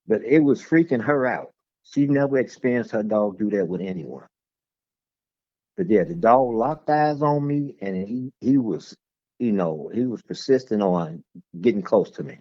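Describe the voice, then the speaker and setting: Man, gravelly voice, lively pitch, dull lo-fi sound, rambling storyteller. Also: no room sound. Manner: rambling, repeats words while telling stories. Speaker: guest. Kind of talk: casual storytelling conversation.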